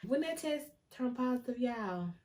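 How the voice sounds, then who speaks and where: A young woman telling a casual storytime vlog, animated and often laughing, talking straight to her viewers. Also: fairly high pitch, normal speed. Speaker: vlogger.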